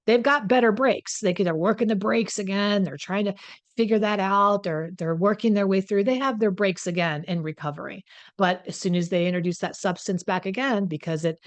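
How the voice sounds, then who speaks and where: A middle-aged woman hosting a podcast, explaining in a chatty, animated way and acting out little inner voices. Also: lowish voice, no room sound. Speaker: host.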